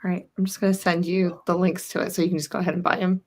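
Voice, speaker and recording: A woman joins a casual sewing livestream, talking in a relaxed, encouraging way. Her voice sits somewhat low for a woman. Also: very fast.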